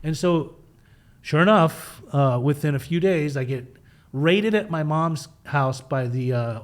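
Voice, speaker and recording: A middle-aged man candidly telling his own recovery story in an interview, animated and casual, acting out the voices of people in it. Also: a little high. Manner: animated, acts out quoted voices, swears casually.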